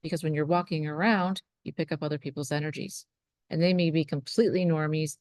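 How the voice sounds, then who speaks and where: A woman's voice: deep voice, fairly even intonation, fast talker, a little mellow, no room sound, clean studio sound. A woman, a spiritual life coach, talking earnestly to her viewers about trust and surrender. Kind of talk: motivational talk to camera.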